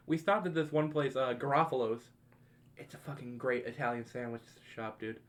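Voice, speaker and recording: A man's voice: medium pitch, normal speed. A young man co-hosting a podcast, casually telling a profane, laugh-filled story to friends. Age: young adult. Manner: laughing, profane, animated retelling. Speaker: podcast co-host.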